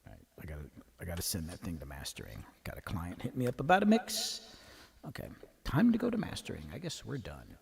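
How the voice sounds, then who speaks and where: A man's voice: sits low, huge pitch swings, fast, creaky, slight background noise. A man hosting a livestream from his home studio, casually talking to himself and swearing now and then while he works on a song. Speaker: music producer and livestream host. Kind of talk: casual thinking aloud while producing. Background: loud playback of his own song.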